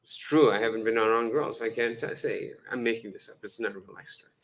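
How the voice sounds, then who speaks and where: A man's voice: fairly low pitch, quick pace, low-quality recording. A man giving a lecture-style sermon in a conversational, humorous way, often restarting words and acting out dialogue. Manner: conversational and humorous, frequent fillers and self-corrections; acts out dialogue with changing voices. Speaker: Islamic lecturer.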